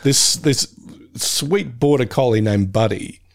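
A man's voice: mid-range voice, slow, gravelly. A man chatting casually as a podcast co-host, rambling with fillers and frequent laughter. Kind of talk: casual chat.

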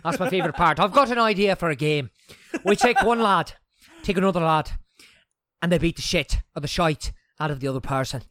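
A man's voice: fairly high pitch, a little fast, a bit bright, no room sound, clean studio sound, voice pushed up, lightly acted. A man putting on an Irish accent to play a boisterous young lad who is gleeful about a brawling game.

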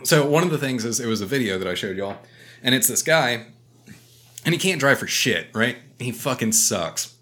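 A bright, forceful-sounding man telling a story to his friends in casual podcast chat. He swears freely and jumps into loud, animated impressions of the people he describes. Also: medium pitch, moderate pace.

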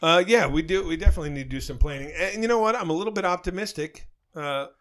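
A man's voice: on the high side, very fast, a bit bright. A man co-hosting a podcast, chatting casually and crudely and telling a joke at a rambling pace while laughing at his own punchlines. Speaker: podcast co-host.

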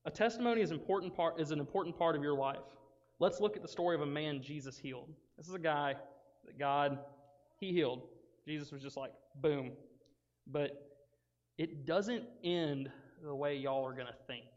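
A young man giving a casual, joking youth sermon, animated and often breaking into asides. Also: a little high, normal speed. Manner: joking, animated, self-interrupting. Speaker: youth speaker. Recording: dull sound with long hall reverb.

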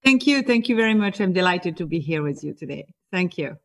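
A woman's voice: fairly low pitch, expressive, a little fast. A woman from France with a French accent, answering interview questions eagerly and often repeating small words over a remote call. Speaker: guest, executive leadership coach.

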